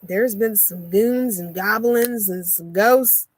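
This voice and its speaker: A young woman casually chatting on a live stream from inside her motorhome, animated and laughing often. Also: mid-range voice, takes it slowly. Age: young adult. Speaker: vlogger and oracle card reader.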